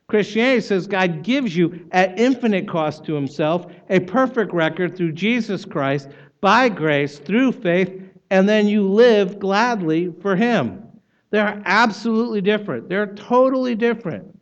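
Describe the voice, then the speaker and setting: A man delivers a sermon in a high-pitched voice. He pushes hard on key words and then lets his points fall away softly. The recording sounds muffled and lo-fi. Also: lively intonation, a little slow. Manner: emphatic, rising loud for stress and dropping soft at ends. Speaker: pastor.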